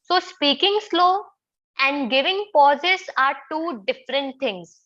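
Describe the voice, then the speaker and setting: A woman's voice: sits high, lively intonation, takes it slowly, bright, forceful tone, highs cut off. A woman with an Indian English accent teaching a public speaking class online, often asking the students questions and repeating her points. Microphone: video call.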